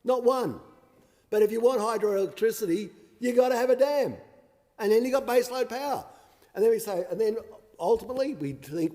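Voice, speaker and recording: An Australian man with a high voice argues his point in a sarcastic, combative parliamentary speech. His words ring out with a long reverb through a large chamber. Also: animated, a little fast, warm tone. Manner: combative and sarcastic, mocking opponents. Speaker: member of parliament.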